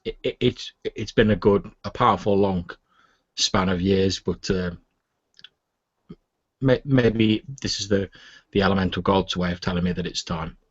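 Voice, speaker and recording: A man's voice: low-pitched, a little slow, long pauses, breathy edge, no echo, highs cut off. A man voicing an old, nervous, lonely male inventor who stammers and hesitates. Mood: weary.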